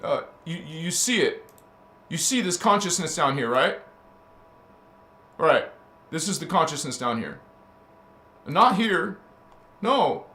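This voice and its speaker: Man in a spiritual-teacher preaching role: pitched a little high, fervent and needling, peppers his listeners with rhetorical questions and trips over his own restarts. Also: sing-song, takes it slowly, pauses often, pushed and bright. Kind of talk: preaching monologue. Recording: roomy echo.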